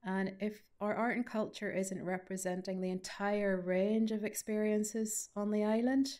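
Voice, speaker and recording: A woman's voice: mid-range voice, fairly even intonation, a little slow, darkish tone. A woman with a Northern Irish Ballymena accent, an author answering questions at a study day in a chatty, self-deprecating way with lots of asides. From Northern Ireland. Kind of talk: conversational Q&A answer.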